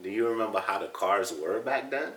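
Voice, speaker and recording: A man with a lowish voice asks relaxed, casual interview questions. His voice sounds distant and roomy, picked up from across an echoey space. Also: fairly quick. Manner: laid-back questioner. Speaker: host, interviewer. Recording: echoey room, far from mic.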